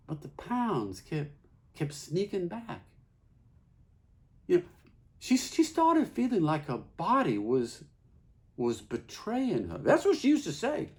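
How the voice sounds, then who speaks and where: A man performing a theatrical monologue as a plain-spoken husband, folksy and halting, with many repeats. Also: high-pitched, huge pitch swings, a little mellow. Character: Carl, plain-spoken middle-aged husband.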